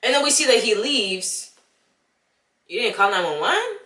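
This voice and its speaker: Animated young woman, bright voice. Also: on the high side, unhurried, roomy sound. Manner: animated, exasperated, talks straight to the viewer. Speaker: vlogger. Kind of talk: casual movie review rant.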